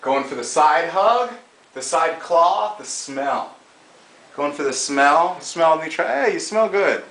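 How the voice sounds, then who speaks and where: A man's voice: fairly high pitch, slow, reverberant, recorded from a distance, poor audio. A man coaching a trainee, acting out lines and laughing as he demonstrates. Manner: animated, demonstrative, laughs often. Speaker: dating coach.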